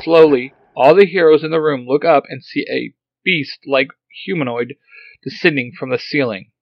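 A man's voice: on the high side, normal speed, no room sound. A man reading a fan story aloud as narrator. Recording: dull, dry recording.

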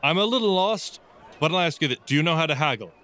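A man with a bright, forward voice speaks in character during an actual play tabletop session. He explains things patiently and a little theatrically, in a mid-range pitch. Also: expressive, fast. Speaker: tabletop roleplay player.

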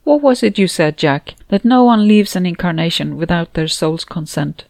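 A woman reading a kind man in an audiobook, who speaks gently and reassuringly. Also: lowish voice, animated, normal speed, creaky, dry recording. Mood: gentle.

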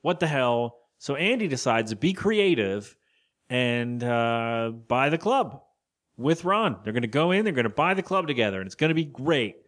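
A man's voice: mid-range voice, sing-song, fairly bright tone. A man co-hosting a casual podcast, rambling through an episode recap and acting out characters' lines. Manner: rambling, acts out characters' lines in quick voices. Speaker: podcast co-host.

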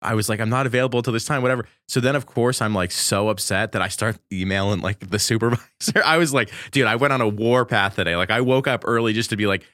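A low-pitched man co-hosting a casual comedy podcast. He rambles through a self-deprecating story and acts out the other people's lines as he goes. The sound is dry and close to the mic. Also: fast talker, hardly any pauses, fairly bright tone, no echo. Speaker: podcast co-host.

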